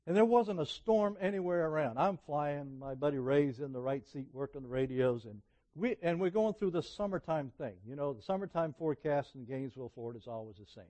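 A middle-aged man delivers a sermon in a chatty storytelling manner. His voice sits slightly high for a man, and he swings between emphatic, raised peaks and hushed, confiding asides. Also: lively intonation, fairly quick. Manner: conversational storytelling, rising to emphatic peaks and dropping to quiet asides. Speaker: preacher. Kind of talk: sermon with personal stories.

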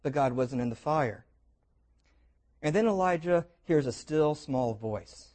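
A man preaching a sermon, retelling scripture as lively stories with jokes and invitations to imagine. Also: on the high side, unhurried. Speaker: pastor.

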